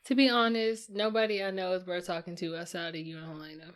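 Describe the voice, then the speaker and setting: A woman's voice: fairly low pitch, flat delivery, fast talker. A blunt, outspoken woman, swearing freely in casual podcast chat. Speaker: podcast co-host.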